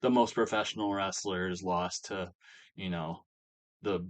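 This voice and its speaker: A man's voice: low voice, fairly even intonation, measured pace. A man voicing a frustrated male wrestler, ranting and whining in a loose paraphrase.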